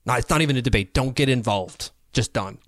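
A male hockey podcast co-host with a mid-range voice, talking in an animated, opinionated way. He often stumbles and restarts his sentences. The sound is dry and close to the mic. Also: medium pitch, brisk, dry recording. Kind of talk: casual chat.

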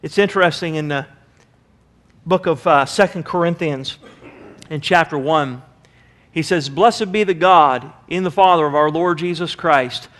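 A man preaching a sermon as pastor, passionate and animated, acting out the people in his story. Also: fairly high pitch, a little slow. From United States. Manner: impassioned preaching, acting out quoted voices.

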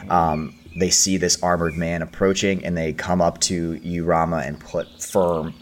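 A man's voice: low voice, little pitch movement, unhurried, a little hiss or hum. A man narrating as game master, hesitant and full of fillers.

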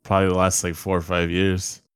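A man with a lowish, smooth voice talks through a film in a loose, rambling way, stacking filler words and swearing casually. The sound is dry and close, with no room around it. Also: monotone, a little fast, no room sound. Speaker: podcast co-host reviewing a movie. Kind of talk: casual chat.

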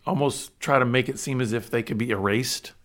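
A man co-hosting a faith-based podcast, talking reflectively and haltingly, often restarting his sentences. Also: medium pitch, a bit bright. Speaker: co-host.

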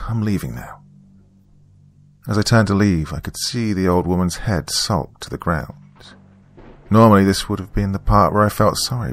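A man reading a first-person horror story in a measured, hushed storytelling manner. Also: sits low. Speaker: narrator. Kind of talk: scripted horror narration.

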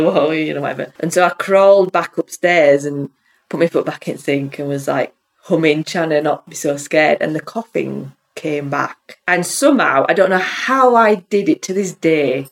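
Woman, lowish voice, lively storyteller who plays out each voice. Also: moderate pace, creaky. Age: adult with a child. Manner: animated storyteller, acts out voices, laughs often. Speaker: podcast co-host. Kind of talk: casual chat, telling a ghost story.

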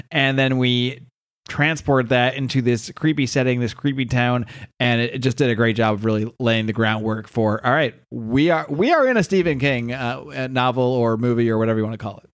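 Podcast co-host, rambling enthusiastic chat, lots of hesitation. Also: male voice, medium pitch. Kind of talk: casual podcast discussion.

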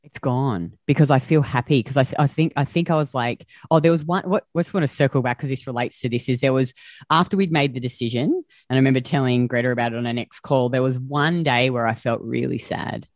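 A woman's voice: rumbling low, fast talker, a little mellow, no room sound, studio quality. A woman podcast host talking candidly and openly, full of fillers and casual swearing. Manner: chatty, swears freely, many "like" fillers. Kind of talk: candid conversational chat.

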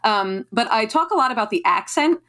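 A woman's voice: fairly high pitch, animated, a little fast, sharp tone. A woman author from northern New Jersey with a New Jersey accent, chatting casually in an interview with lots of fillers. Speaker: author guest.

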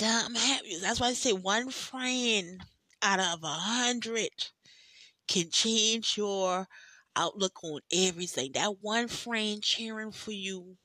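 Tearful and overwhelmed, a woman podcast host delivers a personal monologue directly to her listeners, speaking slowly and drawing things out with long pauses. Her mid-range voice is bright and forceful, her tone emotional and heartfelt, and the recording is dry.

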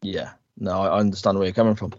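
A man with a lowish voice co-hosts a podcast, walking through a TV episode's plot in steady, agreeable recaps. His audio is a little dull and lo-fi. It is dry, with no room echo. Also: racing. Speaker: podcast co-host. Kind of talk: casual chat recapping a TV episode.

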